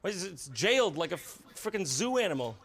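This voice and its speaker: A man delivering sarcastic, swearing comedic narration, with bursts of shouting. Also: sits high, big pitch swings, fast talker.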